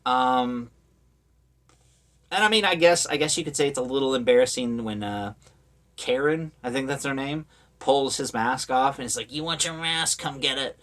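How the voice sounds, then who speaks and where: A man's voice: medium pitch, normal speed, pauses often, a bit bright. Male horror vlogger, mid-range voice, casual rambling commentary, sarcastic. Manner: rambling, with many fillers and sarcastic asides.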